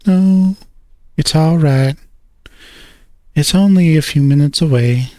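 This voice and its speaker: A man's voice: a little high, slow pace, mellow, no room sound, voice pushed up. A man voicing a young woman on a date, curt and cool as she leaves.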